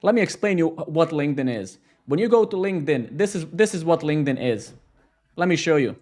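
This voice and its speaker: A man's voice: fairly high pitch, expressive, fairly quick, a little mellow. A man hosting a live coding stream, talking casually in a rambling, sarcastic and profane way with lots of self-mockery.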